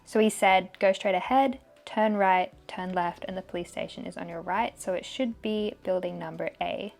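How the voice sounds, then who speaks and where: A young woman vlogging as she takes a language test, thinking aloud and sounding out foreign words slowly. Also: lowish voice, vocal fry. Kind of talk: casual vlog commentary.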